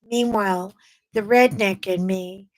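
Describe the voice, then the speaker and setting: A woman's voice: medium pitch, fairly even intonation, unhurried, a little mellow, poor audio. A woman with a Texan accent rambling chattily to her viewers in casual, salty talk. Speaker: vlogger. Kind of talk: casual chat.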